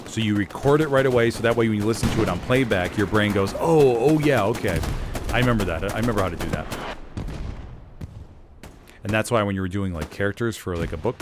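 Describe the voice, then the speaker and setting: Guy streaming a shooter, kinda low voice, rambly and laughing at himself, gunfire going off loud in the background. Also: fast talker, pauses often, background noise. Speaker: streamer and voice actor. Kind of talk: casual chat while streaming a shooter game. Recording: loud game gunfire and artillery behind.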